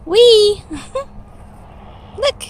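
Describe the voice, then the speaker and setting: Chatty woman, high and bouncy, laughing a lot as she films a windy garden walk on a camera mic. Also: drawn-out words, rough recording. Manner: chatty, laughs often, coos sing-song at a toddler. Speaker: parent or caregiver filming a walk. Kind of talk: handheld vlog narration. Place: outdoor garden on a windy day. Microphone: handheld camera mic. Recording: wind noise on an outdoor camera mic.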